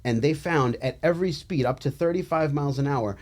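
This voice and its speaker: Sardonic male attorney co-host, casual and halting. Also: a little high. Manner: joking, sardonic, many fillers and restarts. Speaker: podcast co-host, trial attorney. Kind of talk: casual legal chat.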